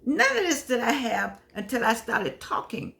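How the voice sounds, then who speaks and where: A woman's voice: fairly high pitch, big pitch swings, moderate pace, vocal fry, a bit bright. An older woman, a professor hosting her own show, talking emotionally and preachily to camera, repeating herself, calling on the Lord, and near tears. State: teary. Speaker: show host and humanities professor. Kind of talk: casual heartfelt monologue to camera.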